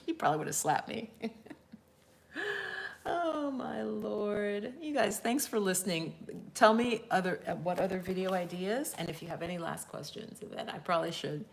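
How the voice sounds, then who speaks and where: On a live stream, a spiritual life coach from Jamaica, a woman in her fifties, talks casually with a Jamaican accent, animatedly telling stories, performing quotes and laughing a lot. Her medium-pitched voice is creaky and animated at a moderate pace, with slight background noise.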